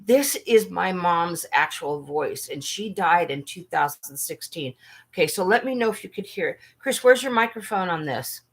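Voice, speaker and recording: A woman hosting a casual livestream chat, talking earnestly and haltingly with frequent restarts. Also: fairly low pitch, expressive. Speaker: livestream host.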